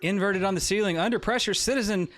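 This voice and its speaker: A man's voice: high-pitched, fast, fairly bright tone. Laid-back man giving esports color commentary. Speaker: esports co-caster.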